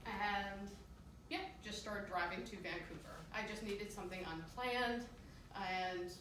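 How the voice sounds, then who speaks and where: A woman's voice: mid-range voice, fairly even intonation, measured pace, noisy background. A woman telling a comedic true story live on stage, self-deprecating and laughing through it. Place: theater stage. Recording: echoey live room from far off.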